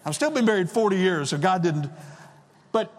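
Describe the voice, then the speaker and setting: A man's voice: high-pitched, expressive, normal speed. A man in his sixties preaching a sermon as pastor, emphatic and repeating key phrases. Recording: long reverb of a large hall.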